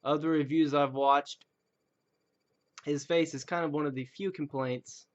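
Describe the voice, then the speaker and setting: A man's voice: a little high, fairly even intonation, unhurried. A man rambling casually through a webcam video reviewing toys, self-deprecating and slipping into joke voices. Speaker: action figure collector reviewing toys. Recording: dull lo-fi recording.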